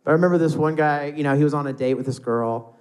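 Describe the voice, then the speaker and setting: American guy doing stand-up on stage, kinda high voice, rambles and does little voices. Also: fast, darkish tone. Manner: loose rambling delivery, acts out voices. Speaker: stand-up comedian. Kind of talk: stand-up comedy set. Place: live comedy club stage.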